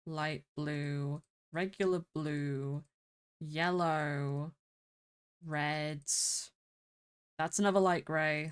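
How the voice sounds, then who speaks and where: A woman's voice: sits low, smooth. A woman streaming a game, chatting casually, thinking aloud and laughing often.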